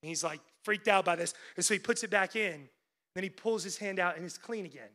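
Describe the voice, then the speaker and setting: A male pastor preaching a sermon, swinging between loud, urgent peaks and hushed lows, with casual "like" asides and calls to the congregation. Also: brisk. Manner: conversational asides with frequent "like" fillers.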